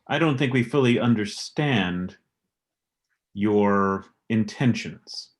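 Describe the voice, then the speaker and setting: Calm low-voiced man player. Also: slow.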